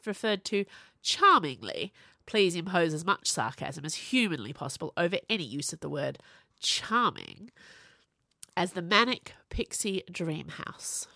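A woman narrating an audiobook in an expressive, wry manner. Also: medium pitch, no echo, studio quality.

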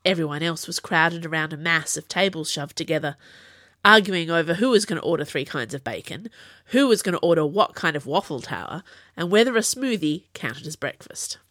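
Expressive woman narrating her own fiction. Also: low voice, brisk, no room sound, clean studio sound. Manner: animated, expressive storytelling. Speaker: author and podcast narrator.

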